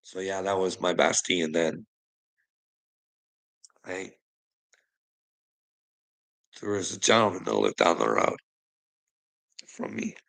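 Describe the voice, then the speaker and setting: A man from Canada talking in a casual, rambling monologue, swearing often and trailing off quietly at the ends of phrases. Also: deep voice, big pitch swings, slow, vocal fry, long pauses, low-quality recording. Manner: rambling, heavy swearing, frequent "you know what I mean". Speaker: vlogger.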